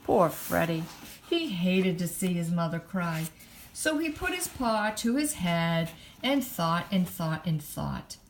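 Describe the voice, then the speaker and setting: A woman reads a children's picture book aloud in an expressive storytime manner. Her voice is lively, rising and falling a great deal as she tells the story. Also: fairly low pitch, takes it slowly, a little hiss or hum.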